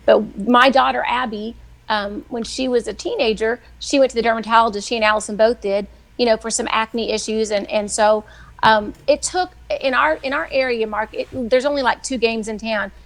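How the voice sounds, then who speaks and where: A middle-aged woman, a weekly guest who writes devotionals, telling faith stories in a chatty, animated way. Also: on the high side, normal speed, gravelly. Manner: chatty, animated, acts out quoted voices. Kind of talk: casual faith storytelling on a live show.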